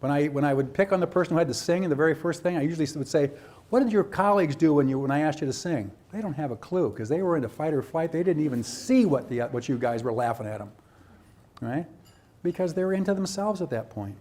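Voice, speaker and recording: Male trainer, high voice, lecturing teachers with animated role-play asides. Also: fast. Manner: animated, acts out teachers and students, rhetorical questions. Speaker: presenter at a teacher training workshop. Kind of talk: lecture to educators.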